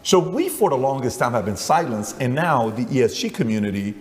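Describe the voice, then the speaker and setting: A man's voice: mid-range voice, very animated, brisk, big-room sound. A man hosting an interview, telling stories in a chatty way and acting out the dialogue in them. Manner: chatty storytelling, acts out dialogue. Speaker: interviewer and host. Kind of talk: conversational interview.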